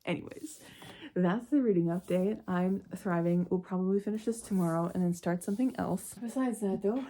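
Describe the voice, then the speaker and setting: Young canadian woman chatting about books on her vlog, super excited, laughs a lot. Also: on the low side, moderate pace, slight background noise. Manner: excitable, gushing, laughs often. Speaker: book vlogger. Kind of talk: casual vlog chat.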